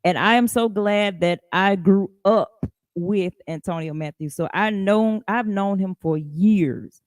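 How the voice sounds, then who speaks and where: Lively woman hosting a podcast. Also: mid-range voice, measured pace, no room sound. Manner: lively, greets listeners by name, laughs often. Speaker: podcast host. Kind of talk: casual live podcast chat.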